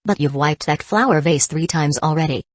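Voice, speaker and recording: Lady doing a teasing young guy at a guild, low dry voice. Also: normal speed, no echo.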